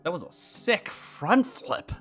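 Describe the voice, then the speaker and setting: A woman streams a game with giggly, playful commentary and the odd swear for laughs. Her voice is bright and swoops lively up and down, while she talks slowly. Faint game music runs underneath. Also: fairly low pitch. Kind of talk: casual gameplay commentary.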